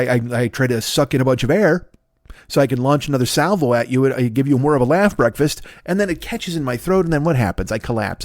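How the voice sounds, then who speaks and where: A man in his fifties, the host of a comedy podcast, riffing through a profane, rambling monologue with big comic swings in pitch. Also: no room sound, clean studio sound. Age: 50s. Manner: profane, riffing, jumps between wild pitch swings for bits.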